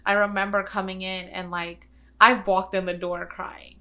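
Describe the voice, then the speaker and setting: A woman's voice: medium pitch, little pitch movement, moderate pace, pushed and bright. A young woman giving a personal testimonial in a casual way, filling her talk with "like" and acting out what others said to her. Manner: casual, uses many "like" fillers; relives scenes by acting out quoted dialogue. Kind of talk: personal storytelling.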